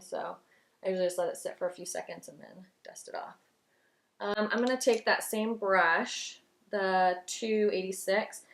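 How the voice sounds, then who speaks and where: A woman's voice: mid-range voice, reverberant. A young woman beauty vlogger chatting while doing her makeup, gushing and chatty, full of "like" and "um". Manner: gushing, chatty, many "like" and "um" fillers. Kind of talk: get-ready-with-me chat.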